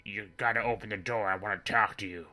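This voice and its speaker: A man's voice: on the low side, fairly even intonation, quick pace, bright, forceful tone. A man voicing a stern small-town male sheriff in a comedy story, talking bluntly and commandingly.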